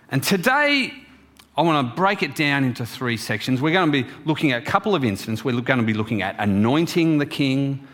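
A man's voice: medium pitch, a bit bright. A man giving a chatty sermon in church, engaging the congregation with questions. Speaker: preacher.

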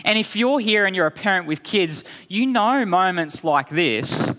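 Slow, high-voiced male preacher in a hall. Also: expressive. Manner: slow, deliberate preaching that drops low and quiet for solemn lines. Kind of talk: sermon. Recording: long hall reverb.

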